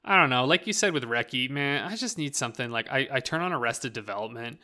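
A man's voice: mid-range voice, expressive, fast talker, sharp tone. A young man chatting casually as a podcast co-host, rambling with lots of "like" fillers. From rural Canada. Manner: rambling, full of "like" fillers, laughs often. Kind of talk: casual chat about video games.

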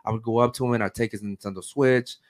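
A man's voice: on the low side, steady tone, fast. A man in his thirties hosting a casual podcast chat, talking emphatically and often checking in with "right?". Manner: emphatic, keeps asking "right?". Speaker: podcast host.

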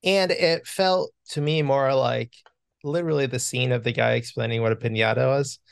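A man's voice: medium pitch, fairly even intonation, moderate pace, vocal fry, smooth, no echo, clean studio sound. A man co-hosting a film podcast, joking in a casual, self-deprecating way. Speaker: podcast co-host.

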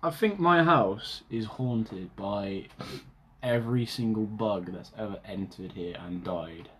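A man, co-hosting a podcast with dry, deadpan quips in casual chat. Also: on the low side, slow pace, slight background noise. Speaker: podcast co-host.

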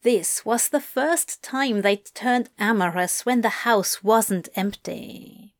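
A woman narrating a romance story in an unhurried, expressive reading voice. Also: on the high side. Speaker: story reader. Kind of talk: audiobook narration of fan fiction.

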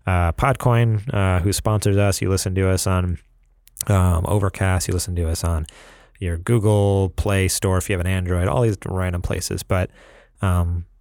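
A man's voice: deep voice, fairly even intonation, normal speed, a little mellow, no echo, studio quality. A man from upstate New York co-hosting a casual podcast, chatting and reading plugs with frequent laughs. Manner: laughs often, reads plugs with rambling asides. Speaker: podcast co-host.

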